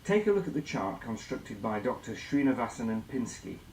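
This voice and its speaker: A man's voice: mid-range voice, sing-song, a little mellow. Man explaining in an echoey room. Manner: measured, explanatory, asks guiding questions. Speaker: instructor. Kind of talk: scripted educational presentation.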